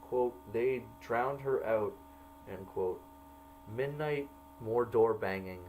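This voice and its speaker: At a mid pitch, a man unhurriedly and deliberately reads aloud from the journal he kept in jail. He says "quote" and "end quote" around each quoted line, while a faint electrical hum lingers beneath his slightly mellow voice. The audio quality is poor.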